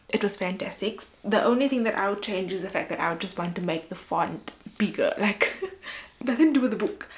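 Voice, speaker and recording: A young woman chatting casually in a reading vlog, gushing and emotional, sliding at times into a hushed near-whisper. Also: lowish voice. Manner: chatty, lots of "like", upbeat. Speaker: book vlogger.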